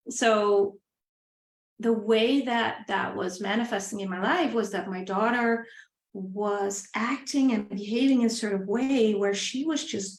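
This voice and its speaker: A middle-aged woman telling a personal story on a live stream, earnest and reflective, often repeating her phrases and sometimes dropping to a soft, quiet voice. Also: a little high. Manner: drops to a soft, quiet voice at times. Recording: roomy echo.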